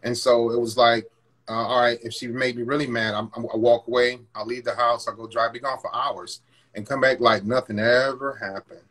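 A man's voice: mid-range voice, little pitch movement, fairly quick, a bit bright. A man guest candidly recounting his past treatment of a partner, blunt and stumbling, acting out what he used to say. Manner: blunt, repeats words, acts out his past self. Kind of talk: candid personal confession.

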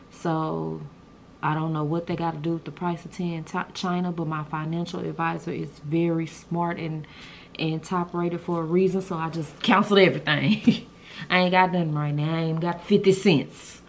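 A woman vlogger telling stories in a casual, animated, colloquial way. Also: low voice, gravelly, slight background noise. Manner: chatty, animated, colloquial storytelling. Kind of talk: casual storytelling chat.

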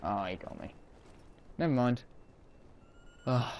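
A man's voice: mid-range voice, expressive, slow, darkish tone, slight background noise. A man giving casual, self-mocking commentary while playing a video game, reacting on the fly. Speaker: gaming commentator.

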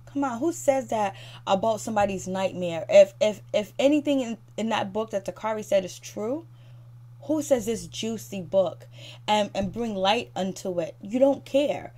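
A woman rants through a reality show recap, addressing the cast directly in a fired-up, critical way. Her voice sits at an ordinary middle pitch for a woman. She keeps circling back with casual fillers. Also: normal speed, dark tone. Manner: repeats fillers like "so anyways" and "you know". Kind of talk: ranting recap commentary.

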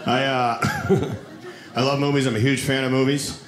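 A man doing a stand-up comedy set on a club stage, telling stories with animated delivery and high shouted quotes. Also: a little slow, reverberant, very noisy. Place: comedy club stage before a live audience.

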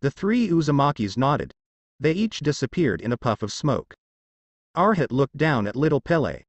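Lively male story narrator, dry sound. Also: mid-range voice, normal speed, no room sound, dull audio. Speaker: fanfiction narrator. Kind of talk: storybook narration reading all parts.

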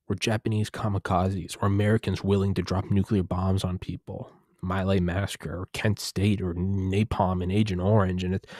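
Low-voiced man rambling, profane. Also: dark tone, no room sound, studio quality. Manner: profane, digressive, restarts often. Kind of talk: casual rambling monologue.

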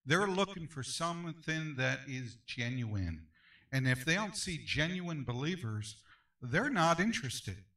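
A man's voice: on the high side, big pitch swings, a little slow, pushed and bright, recorded from a distance, low-quality recording. A male pastor teaching a Sunday school class, emphatic and repetitive, often asking for an amen. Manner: emphatic, repeats phrases, calls for amens.

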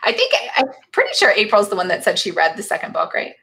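A woman's voice: medium pitch, wildly swooping pitch, quick pace, bright, forceful tone. Woman running a book club stream, chatty, voice bounces up and down a lot, laughs easy. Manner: chatty, laughs often, reads viewer comments aloud. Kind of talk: casual live book club chat.

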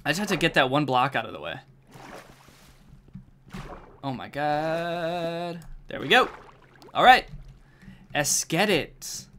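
A man's voice: on the high side, takes it slowly, pauses often, a little hiss or hum. A young man streaming a game, chatting casually and jokily to himself and his viewers, with keyboard typing behind him. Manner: jokey, excitable, talks to himself and to chat.

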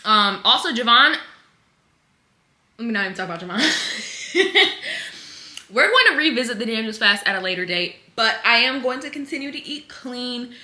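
Casting note: young woman, bright voice, chatty home vlog, lively delivery. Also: a little high, roomy sound. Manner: chatty, addresses viewers as y'all; sing-song baby talk to her infant. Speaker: vlogger and mother. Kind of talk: casual chat to camera.

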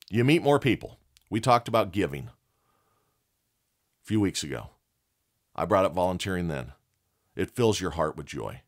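Folksy, animated middle-aged man. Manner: blunt, folksy storytelling with lively swings in pitch. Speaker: podcast host. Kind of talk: motivational talk.

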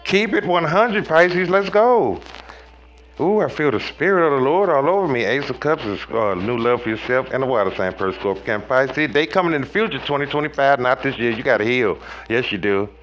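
A man giving a preachy tarot reading in a slangy, profane way, talking straight to viewers and swinging between loud highs and low murmurs. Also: animated, a little fast, hardly any pauses, highs cut off, slight background noise. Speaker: tarot reader.

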